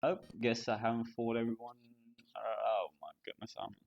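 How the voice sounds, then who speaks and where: A man's voice: medium pitch, fairly even intonation, moderate pace, lo-fi sound. Mumbling male game streamer. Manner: mumbling, self-deprecating, talking to himself. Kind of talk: casual gameplay commentary.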